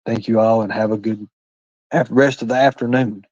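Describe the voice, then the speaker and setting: A man holds forth on his own livestream, blunt and profane, leaning on folksy phrases and preaching between the curses. His voice is dark and mellow. The sound is dry and a bit dull, like a lo-fi home stream. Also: on the low side, fairly even intonation, normal speed, no room sound. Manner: folksy Southern-style phrasing with "by God" and "ain't". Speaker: livestream host. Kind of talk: heated livestream rant.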